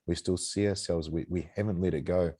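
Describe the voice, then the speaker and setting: A man hosting a podcast, speaking reflectively and haltingly as he searches for his words. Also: low-pitched, fairly even intonation, dark tone. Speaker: podcast host. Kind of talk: casual interview conversation.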